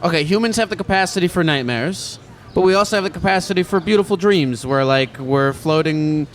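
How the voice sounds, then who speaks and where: A man's voice: on the high side, a little fast. A man casually interviewing strangers on a city street, asking blunt, curious questions and swearing freely. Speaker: street interviewer playing a gecko.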